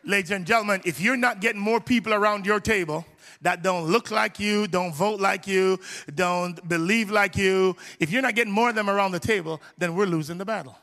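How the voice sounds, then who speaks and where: Speaking a little fast in a bright, forceful, high-pitched voice, this pastor delivers a live sermon from a church stage. The big hall echoes around his passionate, conversational style, which leans on repeated phrases.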